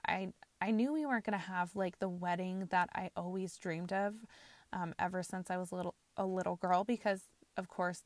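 A woman's voice: medium pitch, vocal fry, no room sound. A woman in her twenties hosting a podcast, telling a personal story candidly with frequent fillers. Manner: candid, frequent fillers, laughs while talking. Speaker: podcast host.

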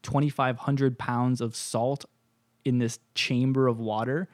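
A young man from Canada spins a story on a casual podcast, cursing freely and bursting into laughs as he acts out every line of dialogue. His voice is mid-pitched and sits dry and close to the mic, with no room sound around it. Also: little pitch movement, measured pace, a little mellow, no echo. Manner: swears a lot, laughs often, acts out quotes. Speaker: podcast host.

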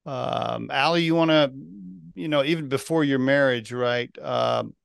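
A man's voice: mid-range voice, measured pace, gravelly, clear, resonant tone, no room sound, studio quality. A man hosting a podcast, talking loosely and rambling with lots of fillers like uh and you know. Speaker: podcast host. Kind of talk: casual interview chat.

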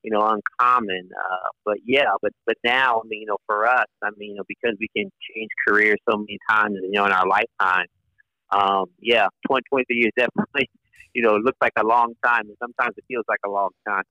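A man's voice: on the low side, fairly even intonation, fairly quick, pushed and bright, no echo, rough recording. A man in his forties, a Navy lawyer, telling his story in a casual interview with many fillers and restarts. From United States.

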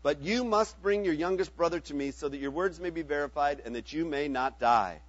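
A man's voice: on the high side, fairly quick, dry recording, lo-fi sound, lightly acted. A man voicing a stern, commanding male governor while reading a scripture passage aloud.

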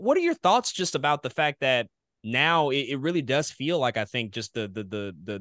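The voice is a man at mid pitch, recorded close and dry with almost no room sound. He hosts a casual podcast chat, thinking out loud and musing as he asks his questions. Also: dry recording. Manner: musing, thinks aloud while asking questions. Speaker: podcast host. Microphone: podcast microphone.

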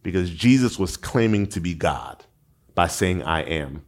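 A man preaching a sermon in a casual, conversational way, asking his listeners questions and going low and soft when he reads scripture. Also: measured pace. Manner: conversational, asks the audience questions. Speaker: pastor.

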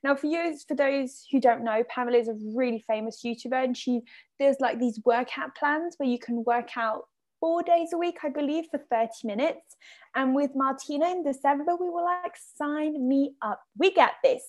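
A young woman in her twenties chats on her podcast in a high, bright voice. She is bubbly and theatrical and laughs easily. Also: moderate pace. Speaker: podcast co-host. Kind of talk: casual chat.

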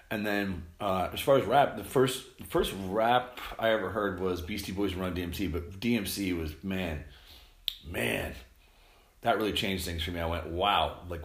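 A middle-aged man rambling casually to camera at home, telling stories in an animated, swearing way. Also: sits low. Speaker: vlogger. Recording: roomy echo.

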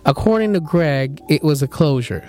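A man's voice: a little high, lively intonation, moderate pace, a little mellow, faint music behind. A young man hosting a podcast, animatedly telling a dream story with laughs, casual chat among friends. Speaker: podcast host.

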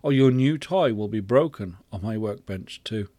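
A man's voice: on the low side, animated, normal speed, mellow, no room sound. A man voicing God as a weary, exasperated craftsman in his workshop, telling the scene in a raised, emphatic voice. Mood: patient.

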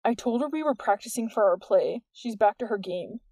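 A woman's voice: fairly high pitch, expressive, brisk, warm tone, dry recording. Woman voicing worried teenage boy Jordan. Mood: subdued. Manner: urgent, anxious questioning.

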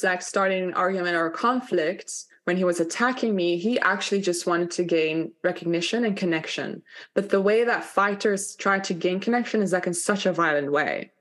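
A woman's voice: medium pitch, fairly bright tone. A woman leading a live online workshop, talking candidly and chattily, full of "like" fillers and blunt swearing. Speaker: workshop facilitator.

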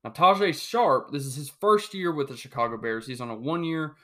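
A young man hosting a solo sports podcast, talking in an animated, joking way with many restarts. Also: a little high, a little fast. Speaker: podcast host.

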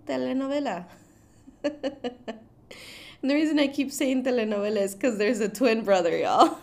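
A woman's voice: fairly high pitch, moderate pace, pauses often. A young woman casually recapping a film plot, chatty and loose. She swears freely and breaks into laughter often. She keeps leaning on "like" and "blah, blah" to skip through the story.

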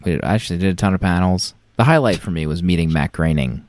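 Man, very low voice, dry close sound, casual podcast chat, rambling storyteller. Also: lively intonation, fast talker, darkish tone, no echo. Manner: rambling storyteller, many restarts. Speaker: podcast co-host.

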